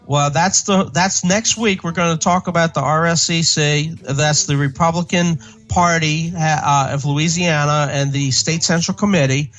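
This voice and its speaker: A man co-hosting a political talk radio show over a remote line, rambling and indignant, full of halting fillers. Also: fairly high pitch, steady tone, a bit bright. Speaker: radio co-host. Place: remote line from another state.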